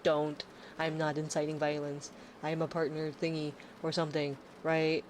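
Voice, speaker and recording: A woman's voice: low-pitched, completely flat delivery, moderate pace, a little mellow, a little hiss or hum, poor audio. A woman in her thirties chatting casually on a live stream, rambling and sarcastic, swearing freely.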